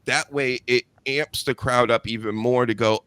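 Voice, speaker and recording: A man's voice: mid-range voice, a little slow, few pauses, a bit bright, clear, resonant tone, no room sound. A man hosting a wrestling podcast in casual chat, blunt and sarcastic, swearing freely. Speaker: podcast host.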